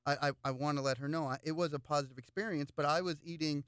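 Running for local office, this man speaks quickly in a fairly high, clean voice, captured at studio quality with no echo. He chats loosely in an interview, spinning lively stories full of repeated words.

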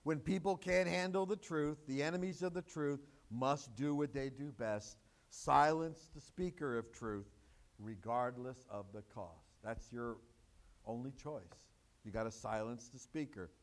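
A man's voice: medium pitch, unhurried. A man preaching a sermon, mixing conversational asides and rhetorical questions with emphatic, rising exclamations. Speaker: pastor.

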